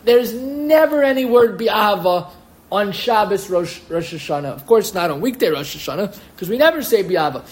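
Lively high-voiced man teaching a class. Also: moderate pace. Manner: lively, questioning, drops to mutters. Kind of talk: Talmudic lecture to students.

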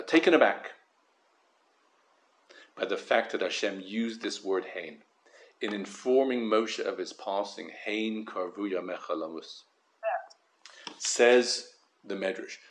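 A man giving a Torah lesson, careful and measured, stressing key words and often repeating himself as he weighs a point. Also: fairly low pitch. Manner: careful, measured, with frequent word repetitions. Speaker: Torah teacher. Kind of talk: Torah lesson on the weekly portion.

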